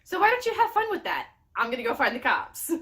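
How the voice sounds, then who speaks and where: A woman voicing a smug, scheming male hypocrite in a flippant, mocking paraphrase, with a wide upward leap in pitch. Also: huge pitch swings, fast talker, a bit bright, full character voice.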